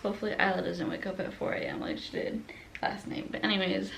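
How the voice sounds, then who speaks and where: A woman's voice: fairly low pitch, huge pitch swings, quick pace, creaky, background noise. A young woman casually telling her birth story at home, chatty and laughing often. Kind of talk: casual chat. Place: home at night.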